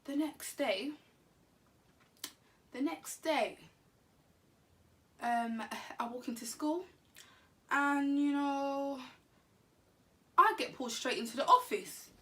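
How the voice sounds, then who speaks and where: A woman tells a story in an animated, slangy way and laughs often. Her voice is bright and fairly high. She sits a little back from the mic. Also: takes it slowly, long pauses, far from the mic. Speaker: vlogger. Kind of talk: casual storytime.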